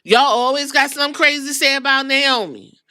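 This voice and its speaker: A woman podcast host giving a sassy, animated wrestling recap with slang. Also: high voice, fairly quick, no room sound, studio quality.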